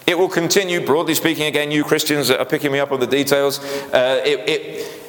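A man's voice: fairly high pitch, little pitch movement, brisk, a bit bright. A man preaching a sermon, earnest and emphatic, often breaking off into small asides and starting over. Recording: echoey hall with long reverb.

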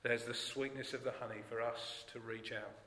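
A man preaching a sermon in an earnest, emphatic way, letting his phrases fall away softly at the ends. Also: mid-range voice, fairly even intonation, normal speed, a little hiss or hum. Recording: echoey church hall with long reverb.

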